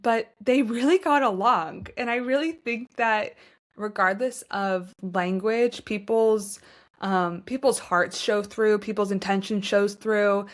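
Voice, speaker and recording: Speaking slowly in a mid-range voice, a young American woman hosts her own podcast, gushing warmly and chatting along with plenty of "like" fillers.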